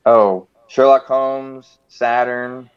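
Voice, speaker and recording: A man speaks as a guest on a podcast, slow and deliberate with a smooth, clear voice. The sound is dry and close, but dull, with the highs missing. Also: fairly even intonation, dry recording. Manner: slow, deliberate, plain-spoken. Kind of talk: casual chat. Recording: dull, muffled remote line.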